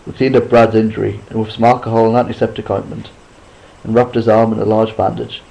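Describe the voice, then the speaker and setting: A man reading a chapter book aloud at a steady pace, sometimes restarting a line after a slip. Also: fairly low pitch, quick pace, creaky, dull audio. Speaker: reader. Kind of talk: amateur audiobook reading.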